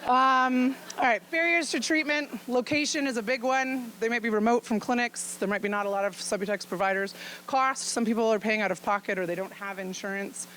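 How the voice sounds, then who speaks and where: A woman's voice: on the high side, a little fast, a bit bright, a little hiss or hum, poor audio. A woman physician giving an informal talk to an audience. She speaks frankly and chattily and laughs often as she explains things. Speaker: physician presenting at a luncheon.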